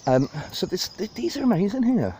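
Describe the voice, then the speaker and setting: Mellow-voiced man rambling outdoors. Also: high-pitched, sing-song, moderate pace, a little hiss or hum. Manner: rambling, chatty, laughs at own jokes. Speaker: vlogger giving a park tour. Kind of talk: casual walking tour narration. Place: outdoors in a city park. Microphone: phone held while walking.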